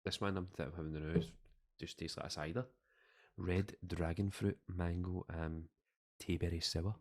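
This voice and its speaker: A Scottish man with a low, deep voice co-hosts a podcast. He rambles in loose, jokey chat and often trails off mid-sentence. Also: steady tone, moderate pace. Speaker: podcast co-host. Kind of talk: casual chat.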